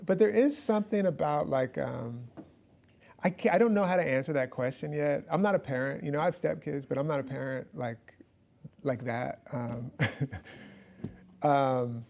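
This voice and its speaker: A man's voice: medium pitch, moderate pace, vocal fry, darkish tone. A man speaking as a guest author, answering questions in a loose, rambling way with frequent laughs and fillers. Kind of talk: casual Q&A answers.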